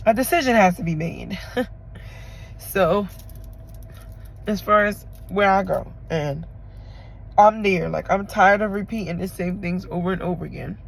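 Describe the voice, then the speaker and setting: A woman talking to her camera in an emotional confessional vlog, tearful and halting as she rambles through her feelings. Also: medium pitch, vocal fry, low-quality recording. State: tearful from crying. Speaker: vlogger.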